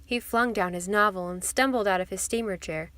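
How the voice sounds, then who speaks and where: A woman narrating a children's classic audiobook in a clear, steady storytelling manner. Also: mid-range voice, brisk, no room sound.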